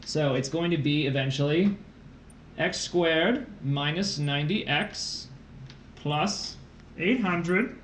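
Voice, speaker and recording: A man's voice: a little high, slow, slight background noise. Upbeat male tutor in an echoey room. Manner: works through problems aloud, playful asides. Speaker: test prep tutor. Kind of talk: livestreamed math lesson. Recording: roomy echo.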